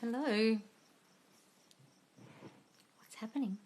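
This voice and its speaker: A woman hosting a casual live-stream Q&A as a manifesting coach, blunt and sweary, swinging between muttered asides and loud exclamations. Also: a little high, slow. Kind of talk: casual live-stream chat reading comments.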